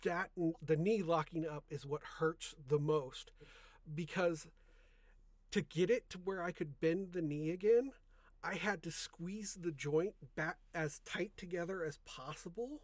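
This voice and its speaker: Pitched on the high side and paced in a measured way, this young man's soft-spoken voice is captured in a dry recording. Hosting a podcast, he chats loosely and rambles, frequently fixing his words mid-sentence.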